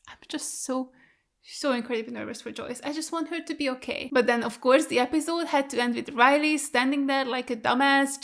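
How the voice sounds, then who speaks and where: A woman's voice: high voice, a bit bright. A young woman hosting a reaction video, talking casually, emotional and frank, swearing freely. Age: young adult.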